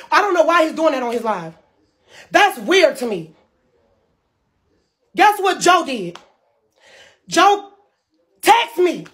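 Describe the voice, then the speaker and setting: A woman livestreamer ranting to her viewers, profane and heated. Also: high-pitched. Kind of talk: livestream rant.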